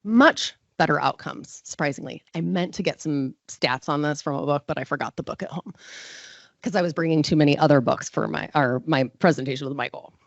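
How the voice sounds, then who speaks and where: A woman's voice: low-pitched, brisk, gravelly, no echo, highs cut off. A woman giving a live conference talk, chatty and self-deprecating, full of fillers. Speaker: conference presenter.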